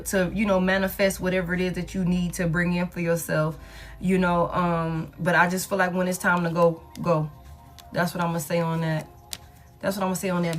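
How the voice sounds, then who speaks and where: A woman giving a casual tarot reading in a blunt, repetitive, slangy way, often saying "you know what I'm saying,". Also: on the low side. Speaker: tarot reader.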